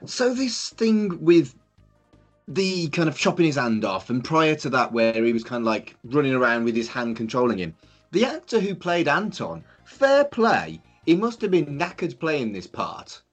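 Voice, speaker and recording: A man's voice: fairly high pitch, big pitch swings, normal speed, soft background music. A man chatting casually on a podcast, sarcastic and self-mocking about films. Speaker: podcast co-host. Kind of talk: casual chat.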